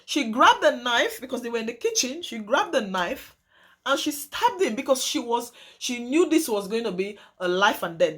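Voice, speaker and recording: High-voiced woman telling a dramatic story. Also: very animated, normal speed, a bit bright. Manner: emphatic, calls viewers "guys", repeats phrases for drama. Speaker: vlogger telling a true story. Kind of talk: dramatic casual storytelling to viewers.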